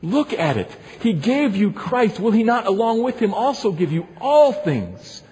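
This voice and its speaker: A man's voice: high-pitched, big pitch swings, unhurried, warm tone. A male pastor preaching an earnest sermon, repeating phrases, in a long echoing hall.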